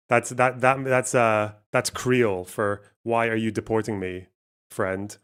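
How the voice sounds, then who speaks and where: A man's voice: lowish voice, little pitch movement, a little slow, fairly bright tone, smooth. A male streamer giving casual, sarcastic commentary, rambling, laughing and swearing. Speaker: streamer host.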